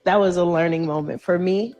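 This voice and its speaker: A woman's voice: fairly low pitch, fairly even intonation, brisk, darkish tone, highs cut off, soft background music. A woman telling a personal relationship story in an earnest, heartfelt and tearful manner.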